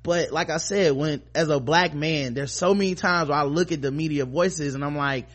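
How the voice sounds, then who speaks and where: A man's voice: a little high, moderate pace, a bit bright. A man hosting a podcast, talking in a rambling, impassioned and profane way. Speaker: podcast host. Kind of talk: casual podcast commentary.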